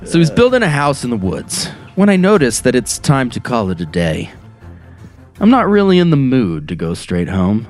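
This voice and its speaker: A man's voice: mid-range voice, huge pitch swings, normal speed, darkish tone, soft background music. A man reading a story aloud on a podcast, often stopping to joke about it. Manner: reads aloud and breaks off to joke. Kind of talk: casual comedic podcast chat.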